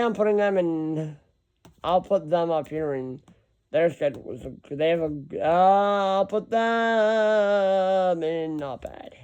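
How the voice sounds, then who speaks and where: A man with a fairly high voice thinks aloud in a loose, rambling way, reeling off lists and stopping now and then to correct himself. It sounds like a casual, unscripted chat to viewers. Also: darkish tone. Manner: rambling, self-correcting, reading off lists of teams. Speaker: hockey vlogger.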